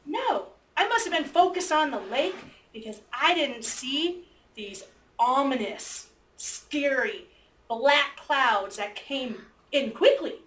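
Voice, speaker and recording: A woman teacher telling a story to her class with lively energy, acting out both sides and breaking into squeals and shouts. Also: sits high, takes it slowly. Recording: echoey room, mic far off, faint noise.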